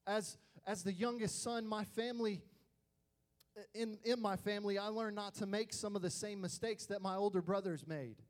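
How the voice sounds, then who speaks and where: At normal speed and in a high voice, a young youth pastor speaks to young people. Animated, he relates stories about his family and puts on the voices of the people he quotes.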